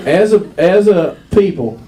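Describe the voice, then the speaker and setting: A man's voice: high voice, animated, unhurried, warm tone. A man doing a stand-up comedy set, shifting into a mock-preacher and mock-redneck delivery. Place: comedy club stage before a laughing crowd. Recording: distant mic in a noisy crowded club.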